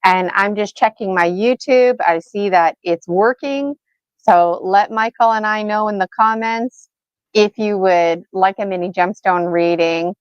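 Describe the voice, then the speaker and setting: A woman's voice: medium pitch, measured pace, clear, resonant tone, no echo. Chatty woman on a dull livestream mic. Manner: chatty, thinks aloud, fillers. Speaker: co-host and gemstone reader. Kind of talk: casual livestream talk. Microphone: video call.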